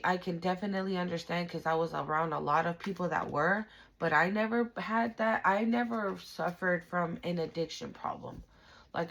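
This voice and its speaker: A woman's voice: lowish voice, vocal fry. A woman giving a spiritual tarot reading straight to the viewer, emphatic and slangy, with frequent swearing. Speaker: tarot reader.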